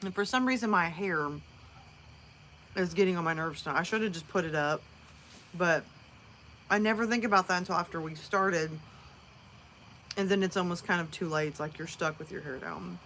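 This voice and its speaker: A woman's voice: lowish voice, normal speed, long pauses, fairly bright tone, slight background noise. A woman from northern Alabama with a Southern American accent, chatting casually and rambling with viewers on a live stream, laughing often. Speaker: livestream host.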